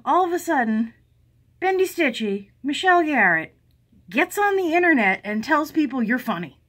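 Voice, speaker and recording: A woman's voice: a little high, fairly bright tone. Chatty woman vlogger. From United States. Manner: chatty, self-deprecating, talks to viewers and her pet. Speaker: cross-stitch vlogger. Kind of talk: casual chatty vlog.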